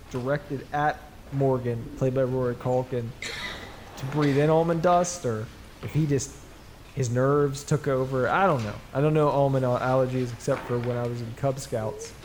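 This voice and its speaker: A man's voice: mid-range voice, a little mellow. A man hosting a comedy podcast, rambling through a profane, joking movie retelling and laughing at his own jokes. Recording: noisy background.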